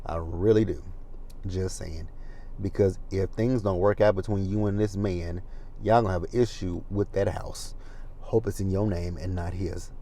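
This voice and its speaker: A man's voice: low-pitched, fairly even intonation, moderate pace, dark tone, a little hiss or hum. A man hosting a casual reality TV recap, talking in a chatty, gossipy way with asides and profanity. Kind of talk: casual chat commentary.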